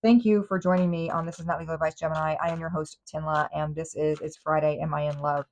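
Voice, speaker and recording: A woman's voice: deep voice, fairly even intonation, fast talker, a little mellow, slight background noise, low-quality recording. A woman hosting a tarot reading, talking in a chatty, emphatic way with many fillers and restarts. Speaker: tarot reader and host.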